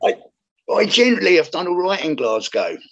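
A man's voice: sits high, very animated, fairly quick. Rambling man, dull lo-fi audio. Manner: rambling, many restarts and laughs. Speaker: comedian guest. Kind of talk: casual interview chat.

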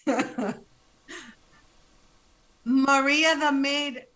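A woman joining a casual chat about a novel, adding quips and agreeing with her co-host. Her voice is bright and a bit sharp, pitched a little high. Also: steady tone, very slow. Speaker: book discussion co-host.

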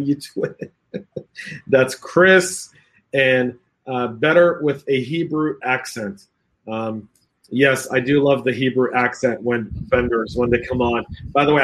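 A man hosting a live video-call stream, reading viewer comments aloud and acting out the quoted voices with a laugh. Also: medium pitch. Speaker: podcast host.

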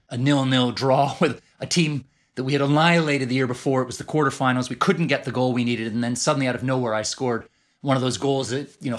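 A middle-aged man with a Canadian accent, a guest author telling lively stories in a podcast interview. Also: mid-range voice. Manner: animated storyteller, laughs often.

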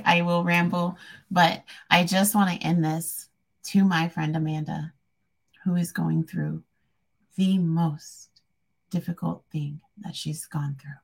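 A woman talking to camera in a rambling, heartfelt vlog, soft-spoken and a little tearful. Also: on the low side, gravelly, breathy edge. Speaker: vlogger. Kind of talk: emotional personal vlog.

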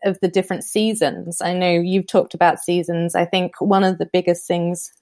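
A woman's voice: fairly low pitch, little pitch movement, normal speed, darkish tone, no echo, clean studio sound. A woman hosting a podcast, speaking reflectively in a casual conversation and laughing often. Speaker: podcast host.

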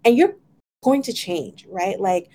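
A woman co-hosting a casual faith chat, animated, laughing often and tagging lines with "right?". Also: medium pitch, measured pace, slight background noise. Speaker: podcast co-host.

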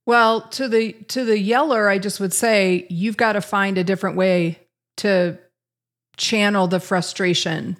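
A middle-aged woman co-hosting a podcast, talking candidly in a casual way and laughing at herself now and then. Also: on the low side. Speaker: podcast co-host, parent.

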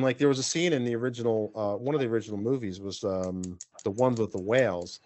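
A middle-aged man with a New York accent, hosting a casual panel chat and telling animated stories with many fillers. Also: lowish voice. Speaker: podcast host.

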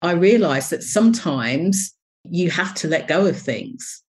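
A woman's voice: on the low side, lively intonation, a little slow, darkish tone. A woman who works as a business coach, speaking as an interview guest and telling personal stories candidly and expressively. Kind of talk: reflective personal storytelling.

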